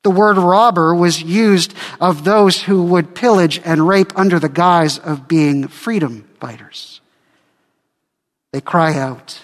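A man's voice: high-pitched, measured pace, long reverb tail. A male pastor preaching a sermon dramatically, acting out the quoted speakers.

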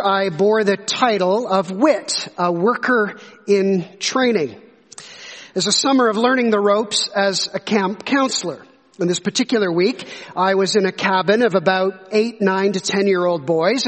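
High-voiced man preaching in a reverberant hall. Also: measured pace, fairly bright tone. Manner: earnest storytelling, rhetorical questions. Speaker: pastor. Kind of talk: sermon.

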